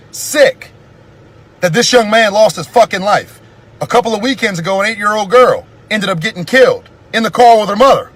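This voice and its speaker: Angry high-voiced man ranting. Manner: profane, heated, repetitive ranting. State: furious. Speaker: vlogger. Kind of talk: angry rant video.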